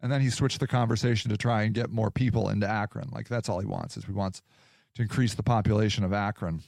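Quick-paced and low, this man's darkish voice carries vocal fry over a dry, clean studio recording. He's a podcast host telling a story in a casual, angry, sarcastic rant, swearing often.

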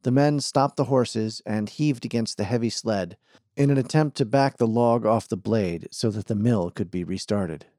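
A man reads a novel aloud in a measured, steady narration. His voice is low and mellow. The recording is dry and close. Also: no room sound. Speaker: audiobook narrator. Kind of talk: scripted narration.

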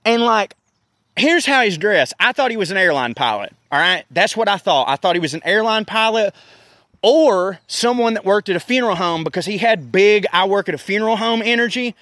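A man, telling a profane, animated story in a casual rant. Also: high voice, moderate pace, dry recording, clean studio sound. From American South. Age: 30s. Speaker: podcast host.

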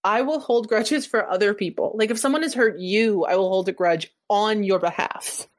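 A woman co-hosting a casual chat, wry and quick to laugh, with deadpan asides. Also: medium pitch. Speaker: podcast co-host.

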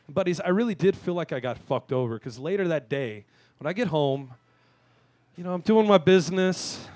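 A man in his thirties hosting a live talk show, delivering a crude, self-mocking comic monologue with sudden shouted rants. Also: high-pitched, expressive, brisk, dry recording. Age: 30s. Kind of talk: stand-up style monologue. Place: live venue stage.

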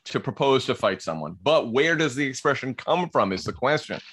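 Male podcast co-host, mid-range voice, relaxed explainer who laughs easily and reads aloud. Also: mid-range voice, a little fast, slightly rough. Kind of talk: casual podcast banter.

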